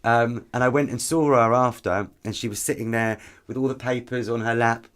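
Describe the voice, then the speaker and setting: A man, a podcast guest and activist, telling stories in an animated, chatty way with frequent ums. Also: medium pitch, normal speed. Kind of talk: conversational podcast interview.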